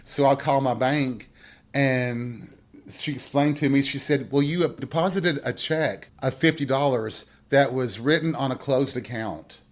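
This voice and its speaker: A man's voice: medium pitch, a little slow. A man hosting a podcast, telling a personal story in a candid, wry way and swearing freely as he speaks straight to his listeners. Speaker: podcast host.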